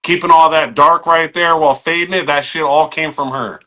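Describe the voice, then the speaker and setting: A middle-aged man from San Jose, guest on a podcast, telling his life story in a casual, profane, animated way and acting out what people said. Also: a little high, moderate pace. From San Jose, California. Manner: animated, profane, acts out quoted speech, many fillers like "you know what I mean".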